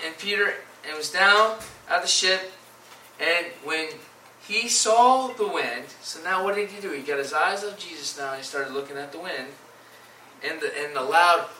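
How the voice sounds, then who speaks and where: A man giving an informal Bible teaching, reading scripture aloud and then retelling it in casual, animated paraphrase. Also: high-pitched, moderate pace, a little hiss or hum. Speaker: preacher. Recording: echoey room, voice from a distance.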